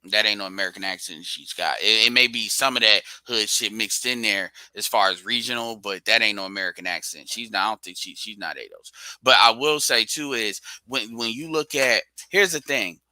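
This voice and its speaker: Blunt, bright-voiced man in casual talk. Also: fairly low pitch, a little fast, few pauses, no room sound, rough recording. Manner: blunt, opinionated, slangy. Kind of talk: casual commentary chat.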